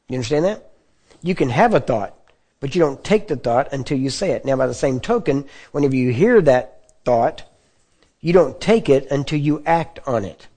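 Man preaching a casual, dark-toned sermon. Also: fairly high pitch. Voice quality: clears throat often. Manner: conversational teaching with frequent check-ins to the audience.

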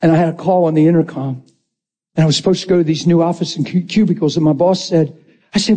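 Husky high-voiced male preacher. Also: fast talker. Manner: animated, acts out quotes, laughs often. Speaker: preacher telling a testimony. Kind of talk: sermon storytelling.

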